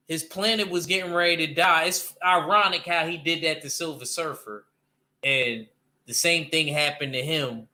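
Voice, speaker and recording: Man, slightly high pitch, sharp bright tone, animated casual talker who stumbles and restarts. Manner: animated, loose slang, frequent restarts. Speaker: panel guest discussing comics. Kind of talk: casual chat.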